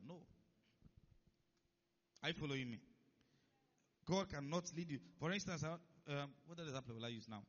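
A man's voice: on the high side, expressive, normal speed, pauses often. A man preaching a sermon, who keeps stopping to check that his listeners are following. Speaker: pastor. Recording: dull lo-fi recording.

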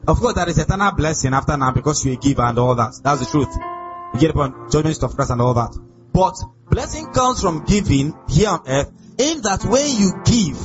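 High-voiced preaching pastor, lo-fi. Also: male voice. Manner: emphatic, asks the congregation questions. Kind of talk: sermon.

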